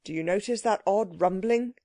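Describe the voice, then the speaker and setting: A woman voicing a grave male ship captain in a children's storybook, speaking in a measured, formal way. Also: medium pitch, mellow, no echo, clean studio sound, natural voice. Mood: solemn. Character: grave ship captain of an ancient city, man.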